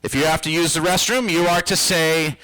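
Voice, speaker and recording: A man in his fifties performing a stand-up comedy routine, telling stories with a playful, animated delivery. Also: on the high side, brisk, clean tone, dry recording, low-quality recording. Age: 50s.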